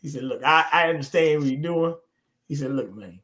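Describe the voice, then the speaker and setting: Guy hosting a stream, kinda high voice, loose animated stories w lots of cussing and laughs. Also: brisk. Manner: animated storytelling, swearing, laughing. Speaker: show host. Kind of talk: casual chat on a livestream. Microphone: streaming call.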